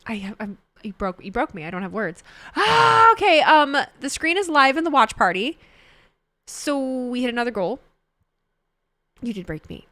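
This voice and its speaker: A young woman livestreams from home, reacting to wrestling while chatting casually with viewers, reading their messages aloud, laughing often and swearing freely. Her voice is a little high and fairly bright, with big pitch swings and a moderate pace. The recording is dry.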